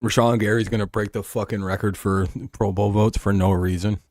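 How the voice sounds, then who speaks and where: Watching football live for his stream, the young male host keeps the chat casual, joking, swearing and laughing frequently. He speaks a little fast in a fairly low, darkish voice with fairly even intonation, and the studio-quality recording is dry.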